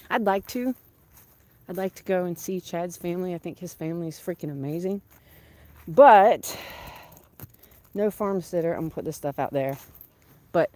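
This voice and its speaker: A woman's voice: mid-range voice, darkish tone. A woman chatting casually to her live viewers while doing chores outdoors on a small farm. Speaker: farm vlogger. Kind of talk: casual live-stream chat.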